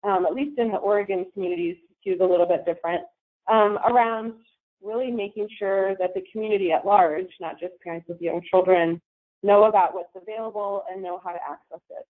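A woman's voice: mid-range voice, fairly even intonation, fairly quick. Woman dialed into a meeting, hesitant, restarts a lot, tinny speakerphone sound. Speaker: committee member on the phone. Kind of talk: meeting discussion. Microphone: conference phone. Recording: tinny phone line.

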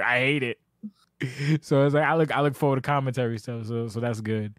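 A man's voice: medium pitch, fairly even intonation, a little fast, a bit bright, no room sound, clean studio sound. A man hosting a casual podcast, telling long profane stories with lots of restarts. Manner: profane, rambling storyteller. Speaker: podcast host.

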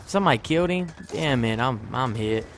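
A man calling out his own shooter match as he plays, excitable and quick to curse. His voice sits at an ordinary middle pitch, with a faint hiss of noise under it. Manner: excitable, cursing, talking to himself while playing. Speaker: gamer making a trolling video. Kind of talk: gameplay commentary.

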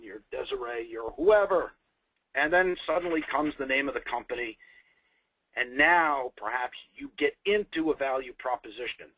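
Animated, husky-voiced male sales trainer. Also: mid-range voice, no room sound, rough recording. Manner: emphatic, conversational, repeats key points; humorous, off the cuff. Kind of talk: webinar presentation.

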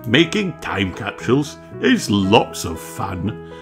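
A man reading a children's picture book aloud with clear, expressive storytelling. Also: fairly low pitch, slow pace, soft background music. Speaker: audiobook reader. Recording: noticeable background hiss.

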